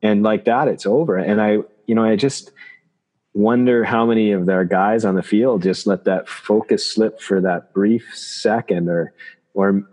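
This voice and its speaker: A man, a chiropractor from Canada, telling personal stories in an interview, halting and reflective with many restarts. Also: fairly low pitch, fairly even intonation, a little mellow. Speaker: guest, chiropractor.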